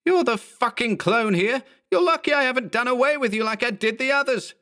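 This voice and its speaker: A frantic balding man in his thirties , as a male narrator voices him, yelling and cursing at a high, strained pitch. He sounds cornered and furious throughout this horror audiobook reading. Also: expressive, normal speed, creaky, heavily acted. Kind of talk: audiobook character voice.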